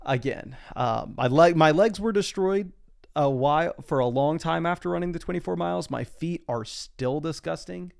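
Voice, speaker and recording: A man's voice: on the high side, normal speed, gravelly, clear, resonant tone. A young man streaming live from his desk, chatting casually through a fantasy football draft and reading out viewer comments. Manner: chatty, reads chat comments aloud. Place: home desk.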